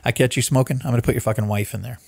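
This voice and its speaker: A man voicing a blunt male boss running a shady quit-smoking outfit, talking in curt, flat orders. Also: mid-range voice, rapid-fire, gravelly, breathy edge, no room sound. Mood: menacing.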